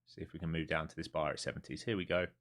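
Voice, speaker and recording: A very deep-voiced day trader streams live, talking rapid-fire as he gives viewers running commentary. He drops to mutters, then rises into excited bursts.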